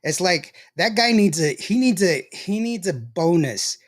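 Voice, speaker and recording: A man's voice: sits high, sing-song, measured pace. A man hosting a casual show, chatty and laughing often as he tells stories. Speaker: show host. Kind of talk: casual livestream chat.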